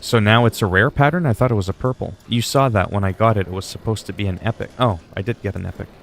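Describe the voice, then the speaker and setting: A man's voice: on the low side, quick pace, creaky, slight background noise. A man chatting casually on a game livestream, rambling and swearing freely. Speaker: game streamer.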